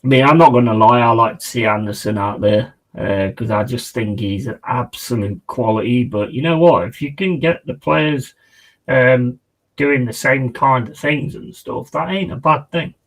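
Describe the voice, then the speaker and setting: A football fan streamer hosts a live watch-along, talking loosely and excitably in slang and calling viewers "mate." His voice has a middle pitch for a man and a normal pace, and the audio is poor.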